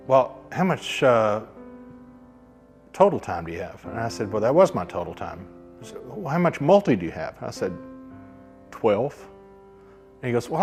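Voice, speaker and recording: A man, a pilot, telling stories from his career in a casual interview and acting out the quoted dialogue. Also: medium pitch. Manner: anecdotal, acts out quoted dialogue.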